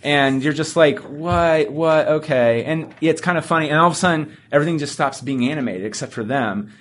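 A man hosting a casual podcast interview, retelling cartoon episodes and acting out the quoted lines with lively energy. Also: on the high side, fast talker. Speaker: podcast host.

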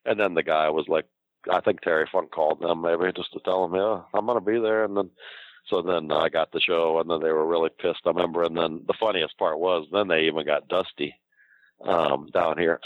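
Fast-talking deep-voiced older man. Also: fairly even intonation, dry recording. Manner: rambling, profane, laughs often. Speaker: guest recounting wrestling career. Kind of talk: casual storytelling. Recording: dull lo-fi dry recording.

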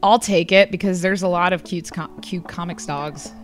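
A young woman guest at a comic convention, chatting in a rambling way with many fillers and laughs, her voice a little hoarse. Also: lowish voice, fairly even intonation, moderate pace, faint music behind. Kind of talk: casual interview chat.

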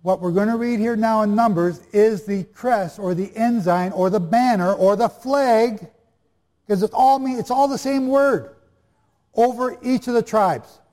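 A man's voice: high voice, measured pace, a little mellow. A man preaching and teaching the Bible to a live audience, chatty and jokey, often quizzing the listeners. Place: hall before a live audience. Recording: long reverb of a large hall.

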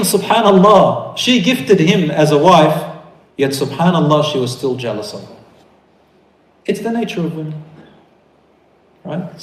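A man preaching a sermon to brothers and sisters, telling a story with animated, rising emphasis. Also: medium pitch. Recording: echoey room.

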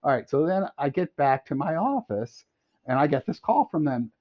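A middle-aged man telling a long anecdote as a podcast guest, animated and quick to laugh. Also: fairly high pitch. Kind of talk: storytelling anecdote. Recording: dull lo-fi audio.

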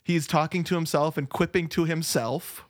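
A man's voice: a little high, steady tone, normal speed, no echo, clean studio sound. A man co-hosting a movie podcast in casual chat, playful and musing, with self-doubting asides. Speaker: podcast co-host.

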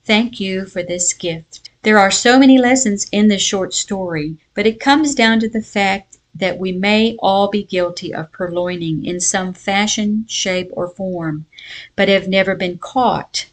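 A woman giving a devotional Bible lesson and reading a folk tale aloud in a measured storytelling voice. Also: mid-range voice. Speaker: Bible teacher.

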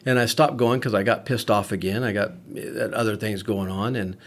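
A man's voice: fairly low pitch, fairly even intonation, moderate pace. A man, a medic and podcast host, telling a candid story in casual conversation with frequent swearing.

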